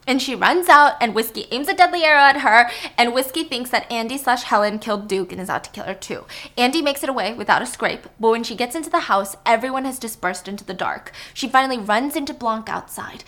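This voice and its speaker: A woman's voice: fairly high pitch, quick pace, fairly bright tone. A woman recapping a film plot to a friend, acting out quoted lines and dropping to whispers for tense moments. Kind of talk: animated movie recap with acted-out quotes.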